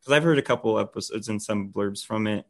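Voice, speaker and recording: A man chatting casually on a podcast in a relaxed, hesitant, offhand way. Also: on the low side, a little fast. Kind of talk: casual chat.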